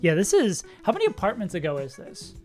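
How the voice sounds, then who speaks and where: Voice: mid-range voice, wildly swooping pitch, fairly quick, a little mellow. A young adult streamer chatting casually with viewers and reacting aloud while playing a game. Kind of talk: casual gaming stream chat. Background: faint music.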